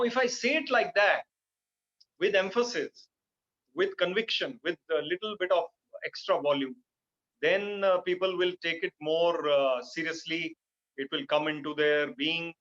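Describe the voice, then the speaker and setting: A man's voice: on the high side, a bit bright. A man gives a lecture on a video call, emphatic and full of "uh" fillers. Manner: emphatic, many "uh" fillers, repeats for stress. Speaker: speaker giving a talk on public speaking. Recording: dull lo-fi video call audio.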